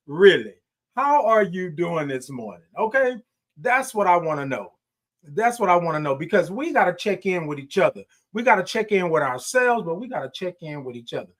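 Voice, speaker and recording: A morning livestream host with a high, fairly bright voice swings widely in pitch while speaking at a moderate pace. He casually reads viewers' comments and calls back to them, upbeat and repetitive, laughing often.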